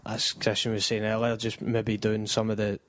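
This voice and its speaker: A man's voice: lowish voice, completely flat delivery, normal speed, a bit bright, no echo. A man on a football podcast panel, talking casually and hesitantly, with many ums and restarts.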